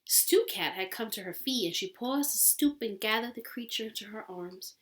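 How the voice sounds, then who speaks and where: Expressive woman reading a novel aloud. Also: fairly high pitch, normal speed. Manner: expressive, dramatic, with small slips and restarts. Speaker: audiobook reader.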